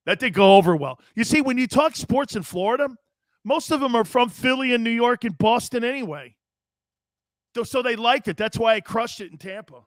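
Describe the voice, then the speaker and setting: A brash middle-aged man hosting a casual sports talk show, ranting loudly and talking straight to his viewers. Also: very high voice, expressive, fairly quick, no echo, studio quality. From US Northeast. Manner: brash, loud, talks straight to chat viewers. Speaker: sports radio host.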